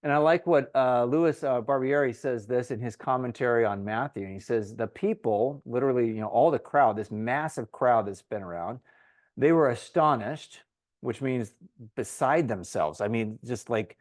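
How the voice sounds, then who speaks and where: A man teaching a Bible study in a relaxed, conversational way, often acting out the crowd's voices in quotes. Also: mid-range voice, moderate pace, dry recording, clean studio sound.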